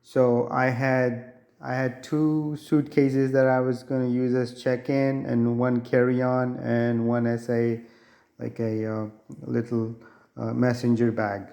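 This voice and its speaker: A man talks through a complaint in a casual vlog, his voice still nasal from being sick. He speaks slowly and evenly, with little rise and fall, and often backs up to restart a thought. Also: medium pitch, level tone, gravelly, warm tone, muffled recording. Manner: halting, with restarts and fillers. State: nasal from recovering illness. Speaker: vlogger.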